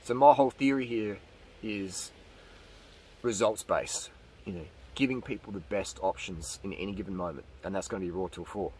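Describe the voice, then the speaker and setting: A middle-aged man from Australia, hosting his own channel, telling a rambling, animated story with voiced quotes and laughs. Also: lowish voice, moderate pace, a little hiss or hum, low-quality recording. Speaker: channel host answering questions. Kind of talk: casual monologue.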